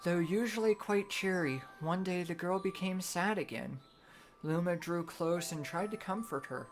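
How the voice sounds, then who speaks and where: A woman streamer reading a storybook aloud in a gentle, measured bedtime manner. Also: on the low side, faint music behind.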